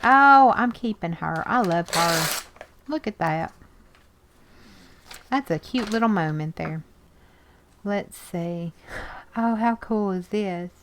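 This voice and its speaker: A woman's voice: medium pitch, slow, pauses often, background noise. A woman chatting casually as she sorts through magazines, exclaiming over pictures and reading bits aloud. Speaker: art journaling video host. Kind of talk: casual chat while sorting magazines.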